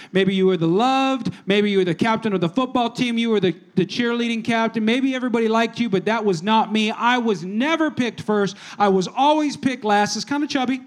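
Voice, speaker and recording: A male pastor giving a casual, conversational sermon in a church, moving between hushed prayer and animated storytelling. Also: high-pitched.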